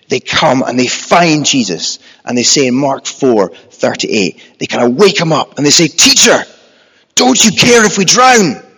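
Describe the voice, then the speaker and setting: A man's voice: mid-range voice, fairly bright tone, slightly rough. A man preaching a sermon in an earnest, conversational way, sometimes acting out the frightened cries of the people in the story. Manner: earnest, conversational, acts out the disciples' panicked cries. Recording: echoey hall, dull lo-fi sound.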